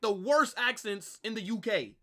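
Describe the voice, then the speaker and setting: A young man hosting a live football watch-along, ranting and exasperated, rising into shouted bursts. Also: high-pitched, normal speed. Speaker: fan stream host.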